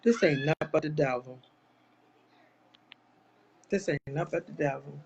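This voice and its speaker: A woman's voice: low voice, normal speed, gravelly, a little mellow, husky, dull audio. A woman hosting a live online talk show, speaking straight to her viewers in an impassioned, churchy way. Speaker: live-stream host. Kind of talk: casual live chat.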